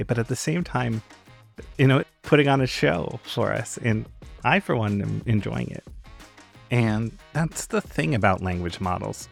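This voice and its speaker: Gravelly-voiced casual man host. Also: mid-range voice. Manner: relaxed, hesitant, with restarts and laughs. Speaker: podcast host. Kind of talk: casual podcast chat.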